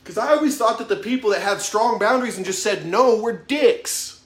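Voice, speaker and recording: A man's voice: high voice, expressive, moderate pace. Blunt, swearing man in his thirties. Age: 30s. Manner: blunt, heavy swearing, emphatic, self-revealing. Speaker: motivational vlogger. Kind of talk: profane motivational monologue to camera. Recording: echoey room.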